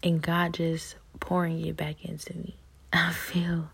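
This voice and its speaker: A young woman giving a personal faith testimony in a soft, whispery, halting way, with many fillers and restarts. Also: on the low side, monotone, vocal fry, slightly rough.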